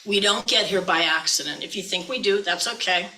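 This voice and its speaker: A woman minister preaches in a chatty, folksy way, teasing her listeners now and then. Her voice is bright and clear at a middling pitch. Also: brisk, slight background noise, rough recording. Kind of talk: sermon.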